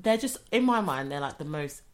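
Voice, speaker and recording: Animated young woman. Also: low-pitched, fairly quick. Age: young adult. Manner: animated storytelling, acts out quotes, laughs often. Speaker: podcast co-host. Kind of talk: casual chat.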